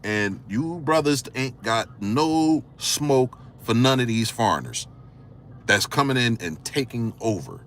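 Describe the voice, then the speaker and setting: Speaking at a measured pace over slight background noise, a Philadelphia-area vlogger offers loose, slangy commentary packed with rhetorical questions. His voice ranges from a low murmur to excited highs.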